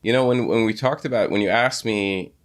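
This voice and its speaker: A man hosting a podcast interview, talking in a halting way with many restarts and repeated words. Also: fairly low pitch. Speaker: podcast host. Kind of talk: casual interview chat.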